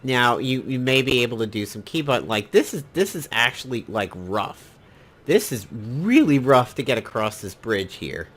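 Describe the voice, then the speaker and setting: A man's voice: mid-range voice, animated, moderate pace, fairly bright tone. A man from New York giving casual, rambling commentary while playing a mobile game, with many fillers and asides.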